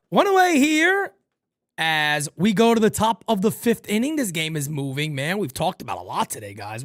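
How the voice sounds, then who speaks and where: Animated man doing fan play-by-play. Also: high-pitched, no echo, clean studio sound. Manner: animated, rambling, swears casually. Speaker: livestream host. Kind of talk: live fan play-by-play commentary.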